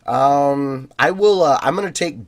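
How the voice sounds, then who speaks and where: Relaxed man chatting on a podcast. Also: mid-range voice, unhurried. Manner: relaxed, filler-heavy, laughs easily. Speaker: podcast co-host. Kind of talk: casual chat, reading listener emails.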